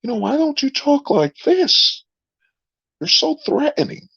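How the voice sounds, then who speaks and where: A man mocking a shrill, easily scared young bar patron in a squealing voice. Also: big pitch swings, a little slow, creaky, sharp tone, heavily acted. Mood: mock alarm. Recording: dull lo-fi sound.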